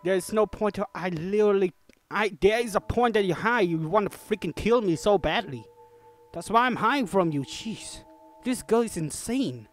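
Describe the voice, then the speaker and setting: This high-pitched, animated young man speaks at a moderate pace over soft background music. He's a gaming YouTuber commentating a horror let's play, talking to characters and jumping with yelps and screams when startled.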